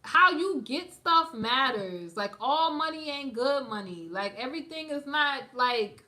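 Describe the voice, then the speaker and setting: A woman's voice: high voice, animated, unhurried, bright, forceful tone. A woman giving sassy, emphatic gossip commentary on a live stream, talking straight to her viewers in a slangy, casual way.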